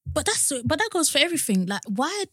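A young woman co-hosting a podcast in casual chat, explaining things at length and getting animated when outraged. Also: high voice, fairly quick, dry recording, clean studio sound. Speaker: podcast co-host.

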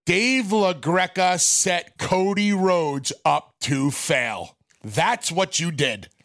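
A man's voice: sits high, fairly bright tone. A man co-hosting a talk radio show, accusing and needling his partner in heated banter. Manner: accusing, needling, drawn-out delivery.

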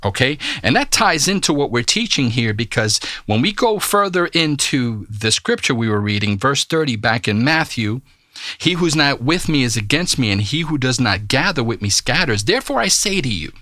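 A man's voice: medium pitch, sing-song, moderate pace, sharp tone, no echo, clean studio sound. A man teaching the Bible on a podcast. He reads scripture aloud, explains it in a conversational way, and keeps checking in with "okay?".

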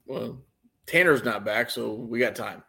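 A man co-hosting a podcast, opinionated and blunt, swearing casually in relaxed chat. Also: medium pitch, measured pace, gravelly, husky. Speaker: podcast co-host. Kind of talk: casual chat about wrestling.

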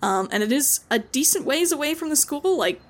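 A woman's voice: high-pitched, animated, a little fast. Chatty woman narrating as game master. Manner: chatty, hedging with likes and ums.

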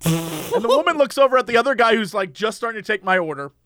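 A man's voice: sits high, animated, fast, fairly bright tone, no echo, studio quality. A man hosting a podcast, telling a story in a casual, laughing way. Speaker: podcast host.

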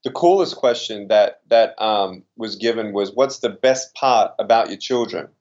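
A man's voice: on the low side, a little slow, a little mellow. Earnest Australian man on a dull line. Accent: Australian, slightly Americanized. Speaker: guest speaker. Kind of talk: interview conversation.

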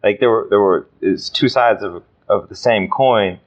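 A man hosting a podcast, asking thoughtful questions with halting restarts. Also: lowish voice, highs cut off. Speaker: podcast host. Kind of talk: conversational podcast interview.

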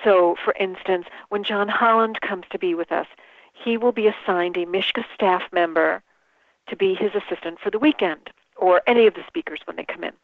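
A woman organizer telling an embarrassing story in a casual interview, animated and quick to laugh. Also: medium pitch, no room sound. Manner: animated, laughs often, restarts sentences. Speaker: event organizer, guest. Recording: tinny phone line.

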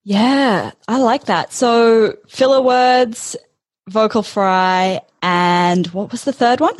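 A woman's voice: on the high side, takes it slowly, no room sound. A woman hosting a podcast interview, attentive and encouraging, asking questions and giving short affirmations. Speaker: podcast host.

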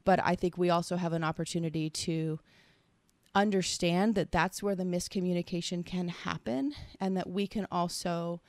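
A woman's voice: on the low side, steady tone, moderate pace, no echo. A woman co-hosting a casual conversation, earnest and reflective, working through her thoughts in long, searching sentences.

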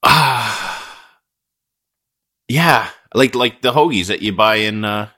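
A man's voice: on the low side, lively intonation, slow, bright, forceful tone, breathy edge. A Canadian man co-hosting a podcast, talking bluntly and emphatically with a lot of swearing. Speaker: podcast co-host. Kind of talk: casual podcast chat.

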